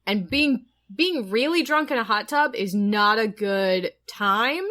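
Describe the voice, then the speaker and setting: Woman, casual podcast chat, giggly, very animated pitch. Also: takes it slowly. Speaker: podcast co-host.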